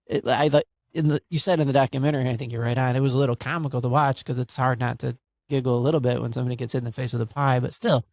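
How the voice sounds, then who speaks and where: A man's voice: medium pitch, fairly even intonation, very fast, a little mellow, no room sound. A man hosting a podcast, thinking aloud in a thoughtful, reflective way with many "like"s. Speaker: podcast host. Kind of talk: casual podcast conversation.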